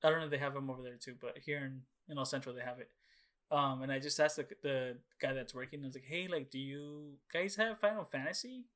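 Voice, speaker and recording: A man's voice: medium pitch, quick pace, fairly bright tone. A young man co-hosting a casual podcast, telling a long rambling story full of fillers and swearing and acting out his own past reactions. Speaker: podcast co-host. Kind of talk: casual chat.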